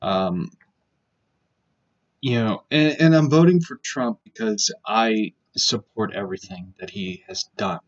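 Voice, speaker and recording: A man's voice: lowish voice, big pitch swings, unhurried, gravelly, muffled recording. A man vlogging in a casual political rant, blunt and profane, circling back with fillers and repeated points.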